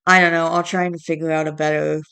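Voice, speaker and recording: A woman's voice: low-pitched, little pitch movement, fast, vocal fry, bright, forceful tone, clear, resonant tone. A woman vlogging in a casual chat, stressed and tired, fighting back yawns and restarting her sentences as she rambles.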